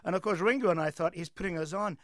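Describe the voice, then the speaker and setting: A high-voiced man speaks as a film director, telling anecdotes in a dry, close recording. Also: fast talker, no room sound. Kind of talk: interview.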